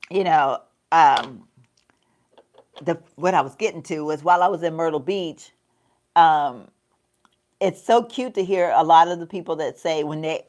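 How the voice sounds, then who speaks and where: A woman with a Southern US accent chatting casually to her viewers while she does her makeup, folksy and quick to laugh. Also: lowish voice. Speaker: lifestyle vlogger.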